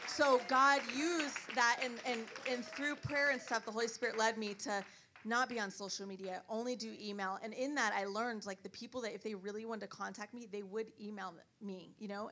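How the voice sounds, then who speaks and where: A woman giving her testimony in church, with a bright, crisp voice. She rattles off her story quickly and lively, voicing each person as she goes. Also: mid-range voice, a little hiss or hum. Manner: animated storytelling with quoted dialogue. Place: church service.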